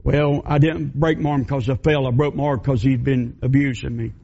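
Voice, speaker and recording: A man voicing an older gray-haired woman who has been abused, speaking in a halting, stammering, subdued way. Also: mid-range voice, level tone, creaky, warm tone, pitched below the performer's own voice. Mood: tearful, beaten down. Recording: dull lo-fi recording.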